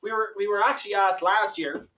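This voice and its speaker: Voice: mid-range voice, fairly even intonation, fairly quick, pushed and bright. An Irish folk band frontperson chatting and joking with the audience between songs during a live performance. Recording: distant mic with guitar music.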